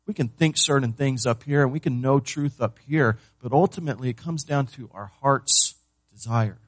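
Man preaching with swings in loudness. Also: no room sound. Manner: preaching with swings from loud emphasis to hushed low delivery; asks the congregation questions and answers them himself. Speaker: pastor. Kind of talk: sermon.

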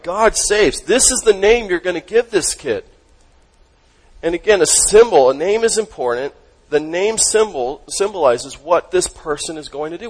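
A pastor preaches a sermon emphatically, posing questions to the congregation and lowering his voice on key words. His voice is slightly rough, and the recording quality is low.

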